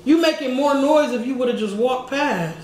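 A woman vlogger telling a slangy, animated story while eating, with shouted sound effects. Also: high voice, moderate pace. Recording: echoey room with faint background noise.

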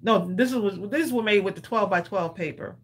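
Woman co-host, husky voice, chatty and laughing, live crafting chat. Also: medium pitch, moderate pace. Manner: chatty, laughs often, talks to viewers as y'all. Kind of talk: casual live-stream chat while crafting.

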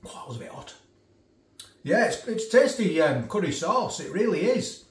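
A man's voice: sits high, very animated, normal speed. A man casually reviewing food for his vlog, chatty, often restarting and eating while he talks. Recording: echoey room from a distance.

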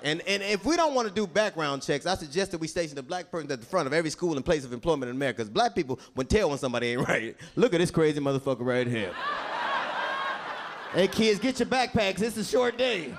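A man's voice: fairly high pitch, expressive, very fast, hardly any pauses. A man doing brash, profane stand-up comedy and hosting on a comedy club stage. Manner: brash, profane, punchy delivery. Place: comedy club stage before a live audience. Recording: live club with crowd and noise.

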